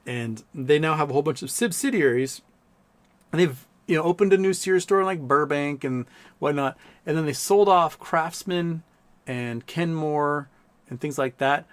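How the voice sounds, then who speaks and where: A man's voice: a little high, moderate pace. Rambling man telling stories on a livestream. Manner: rambling storytelling with many fillers. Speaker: livestream host. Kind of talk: casual livestream chat.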